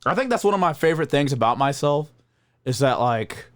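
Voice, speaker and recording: A man appearing as a guest on a casual podcast, talking in a profane, joking, animated way. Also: on the high side, brisk, dry recording, clean studio sound. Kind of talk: casual chat.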